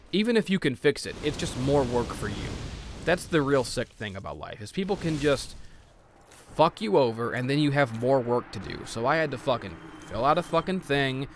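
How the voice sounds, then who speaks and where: A man's voice: medium pitch, a little hiss or hum. A man ranting in grumbly, profane, casual gameplay commentary.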